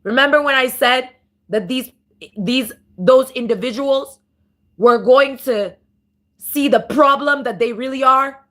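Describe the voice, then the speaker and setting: A woman giving an off-the-cuff spiritual monologue, ranting with profanity and slang, restarting phrases and breaking into louder emphatic bursts. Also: sits high, a little slow. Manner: profane, emphatic rant with sudden louder outbursts. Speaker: spiritual commentator.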